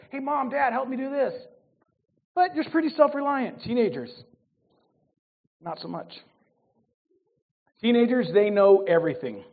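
Pastor guy preaching, jokey, goes loud then quiet, slightly high voice, sounds like a phone line. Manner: preaching with humor, voice swings loud and soft. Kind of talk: sermon.

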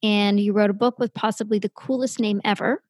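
A woman's voice: mid-range voice, fairly even intonation, fairly quick, a little mellow, no echo. Upbeat podcast host woman, dry sound. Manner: upbeat, effusive. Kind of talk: scripted podcast introduction.

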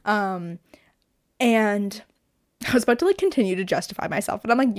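Young woman, podcast host, chatty and candid, casual swearing, middle pitch, dry close mic. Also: moderate pace, pauses often, no echo. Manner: candid, chatty, swears freely, many "like" fillers. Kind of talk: casual solo podcast chat.

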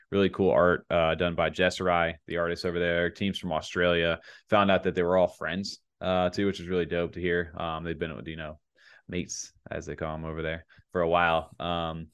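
A man's voice: deep voice, clear, resonant tone. A man co-hosting a podcast in a casual, rambling way, with many fillers. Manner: rambling, laid-back, many fillers and laughs. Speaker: podcast co-host.

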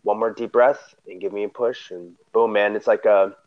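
A man casually telling a story, animated, acting out what people said with sudden loud, high bursts. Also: moderate pace, dull audio.

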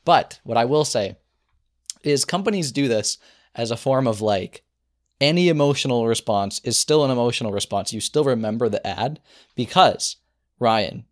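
A man co-hosting a podcast in casual chat, relaxed and mock-defensive, chuckling often. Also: medium pitch, normal speed. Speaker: podcast co-host.

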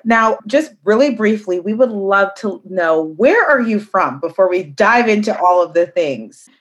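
A woman's voice: medium pitch, expressive, a little slow, dull audio. A woman co-hosting a podcast interview, responding with enthusiastic, affirming remarks. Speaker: podcast co-host.

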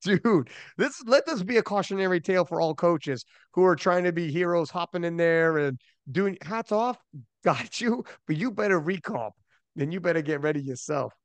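A man with a high, bright speaking pitch hosts a podcast in loose, animated casual chat, spinning stories with plenty of swearing. The sound is dry and close, with no room around it. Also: normal speed, no echo. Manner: animated storyteller, loose and profane. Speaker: podcast host.

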